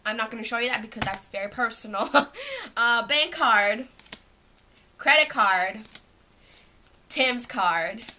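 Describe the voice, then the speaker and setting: Chatty young woman, bright voice. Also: a little high, sing-song, slow pace, long pauses, a little hiss or hum. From Canada. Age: young adult. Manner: chatty, rambling, lots of "like". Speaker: vlogger. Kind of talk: casual show-and-tell vlog. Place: at home, indoors.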